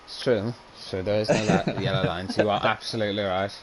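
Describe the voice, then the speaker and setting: A man's voice: lowish voice, fairly even intonation, fast talker, over a noisy crowd, rough recording. A British man co-hosting a casual gaming podcast, swearing and laughing as he plays and chats. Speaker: podcast co-host.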